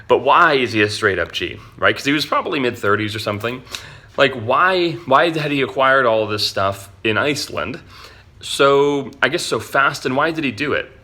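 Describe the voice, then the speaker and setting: A man's voice: medium pitch, expressive, a little fast, bright, forceful tone. A man telling a story casually as an online marketing vlogger, chatty and slangy. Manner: chatty, slangy, says "dude" a lot.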